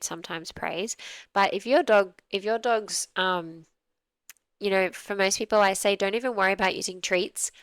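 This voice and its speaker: A woman dog trainer commenting on a training clip in a relaxed, conversational way, often acting out examples to make her point. Her voice is smooth and resonant, at a middle pitch. The recording is dry and close. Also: no room sound, rough recording. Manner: conversational, explains with acted examples. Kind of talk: video review commentary.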